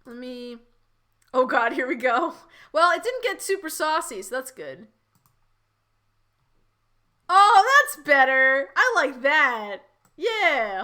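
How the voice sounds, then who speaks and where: A woman streamer riffing through a live fan-fiction read in a rambling, giggly, incredulous way. Her voice sits fairly high and sounds bright and sharp.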